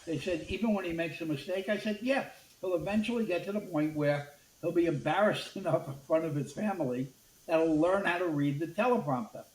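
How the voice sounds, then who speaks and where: Speaking fairly quickly in a voice on the high side, an older Brooklyn media executive relates anecdotes during an interview and animatedly acts out the dialogue. Roomy echo and faint background noise fill the recording.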